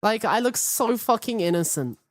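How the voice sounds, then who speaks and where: A woman's voice: medium pitch, animated, normal speed, no echo, studio quality. A woman streaming from home, chatting in a hyperactive, cheeky way and swearing freely. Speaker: VTuber streamer. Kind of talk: casual live-stream chat.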